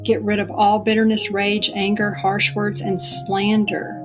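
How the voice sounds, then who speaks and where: A middle-aged woman giving an earnest, reflective personal testimony as a podcast guest, slowing down for emphasis. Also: medium pitch, completely flat delivery, music in the background.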